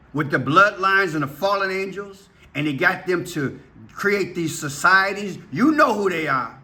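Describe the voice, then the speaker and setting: A man's voice: sits high, pushed and bright. A man preaching fervently to his viewers, urgent and impassioned, hammering points with repeated rhetorical questions. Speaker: preacher vlogger.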